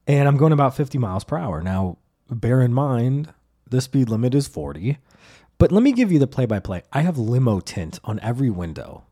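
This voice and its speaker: Rambling, profane male comedy podcaster. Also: mid-range voice. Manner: rambling, profane, with many fillers and restarts; acts out deadpan overly formal replies in his stories. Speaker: podcast host. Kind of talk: comedic storytelling monologue.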